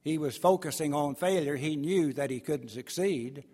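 A man preaching a sermon in a folksy, storytelling way, acting out voices as he goes. His voice sits a little high, and a long reverb trails after each phrase in a large hall. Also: normal speed, darkish tone.

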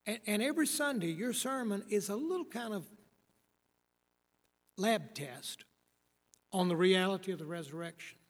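A man's voice: sits high, normal speed, pauses often, big-room sound. A man in his sixties, a preacher giving a rambling, wry and blunt talk on preaching, with many fillers and restarts. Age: 60s. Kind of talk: lecture on preaching.

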